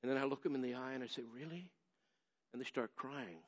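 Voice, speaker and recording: A man's voice: medium pitch, steady tone, racing. A man preaching a sermon in a conversational way that builds to emphatic stretches. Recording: echoey hall, dull lo-fi sound.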